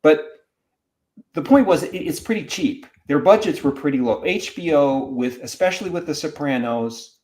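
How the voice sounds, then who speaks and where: A man, a professor, talking as a podcast guest in a casual, animated way, often restarting his sentences. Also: fairly high pitch, moderate pace. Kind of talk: casual discussion.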